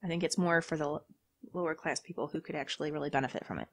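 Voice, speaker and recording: A woman giving chatty, animated commentary while playing a story game. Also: low-pitched, rapid-fire, slightly rough. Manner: chatty and animated, talks to herself about choices. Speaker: game streamer. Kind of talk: let's play commentary.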